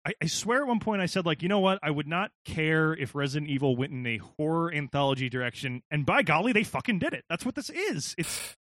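Animated male co-host, bright and high, lots of swearing and laughter, dry close sound. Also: fairly quick, few pauses, no room sound. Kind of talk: casual gaming chat.

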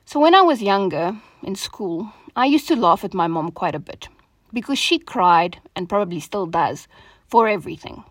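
A woman's voice: mid-range voice, expressive, moderate pace, no echo, studio quality. Earnest woman giving a devotional talk. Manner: earnest, gentle, reflective, softening at phrase ends. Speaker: devotion host.

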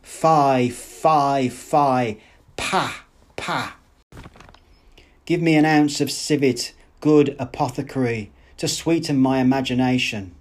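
A man reading aloud, voicing an enraged young man who shouts and recites verse in a rhythmic rant. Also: mid-range voice, steady tone, takes it slowly, natural voice. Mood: raving.

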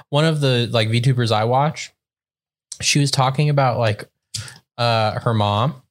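A young man co-hosts a podcast, chatting casually and slowly in a mid-range voice with huge swings in pitch. He rambles, using lots of fillers.

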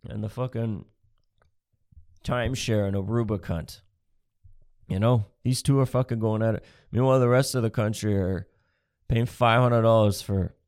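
A man's voice: fairly low pitch, a little mellow, clear, resonant tone, no room sound, studio quality. Profane sarcastic man ranting comedically. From Canada. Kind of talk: comedic rant.

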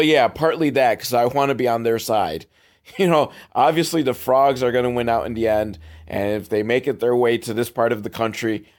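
A man hosting a sarcastic comedic movie recap, with wry, deadpan asides, casual swearing and chuckles. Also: medium pitch. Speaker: show host recapping a film.

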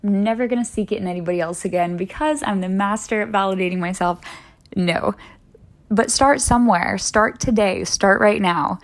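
A woman's voice: medium pitch, moderate pace. A woman hosting a solo wellness podcast, talking in an earnest, encouraging way with lots of casual "like"s. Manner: earnest, encouraging, chatty with many "like"s. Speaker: podcast host.

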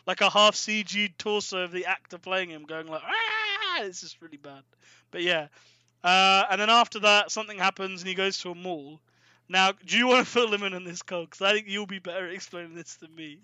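A man's voice: high-pitched, bright, forceful tone, smooth, no echo, poor audio. A young man recapping a film in casual chat, rambling and amused, with lots of fillers. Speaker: podcast co-host.

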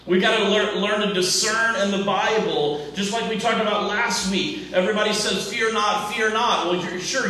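A male pastor preaching a sermon in a church, speaking deliberately in short phrases, often repeating and restarting words. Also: high voice, sharp tone, a little hiss or hum. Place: church sanctuary. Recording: echoey church from far off.

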